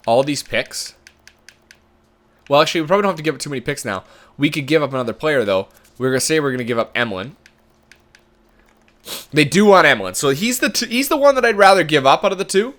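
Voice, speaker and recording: A man's voice: on the high side, bright, forceful tone. A man giving casual commentary while playing a sports management game, thinking aloud in a chatty way. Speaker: gamer commentator.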